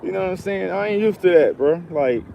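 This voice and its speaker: A man's voice: sits high, animated, fairly quick, gravelly, muffled recording, slight background noise. A man from Georgia, telling a heated, profane story in a casual rant to camera. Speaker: vlogger.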